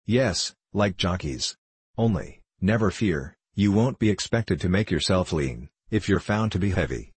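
A cheerful, devoted young manservant, as a narrator puts him on, earnest and eager in every word. The voice is low and a little husky, recorded close and dry for a storybook reading. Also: male voice, expressive, measured pace, dry recording, heavily acted. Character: cheerful loyal young male servant.

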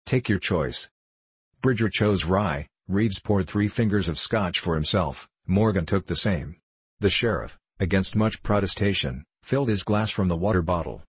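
A man narrating a story in a measured, even reading. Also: low voice, slightly rough, dry recording. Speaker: audiobook narrator. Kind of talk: scripted narration.

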